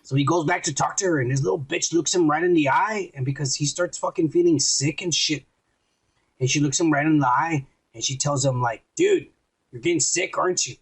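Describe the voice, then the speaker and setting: A man with a fairly high, husky voice rambles through an episode recap, swearing freely and slipping into the lines he quotes. Casual podcast chat between friends. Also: brisk, poor audio. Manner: crude, rambling, acts out quotes. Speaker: podcast co-host.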